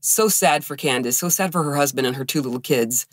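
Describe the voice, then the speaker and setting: A woman's voice: extremely low pitch, fairly quick, no room sound, clean studio sound. A woman co-hosting a podcast, telling an emotional personal story with lots of quoted dialogue. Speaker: podcast co-host.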